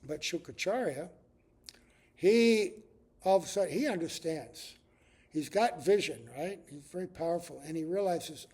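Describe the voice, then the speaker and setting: An older man giving a spiritual class, retelling a scripture story in an animated way and often checking in with the listeners. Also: a little high, unhurried, husky. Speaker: spiritual teacher.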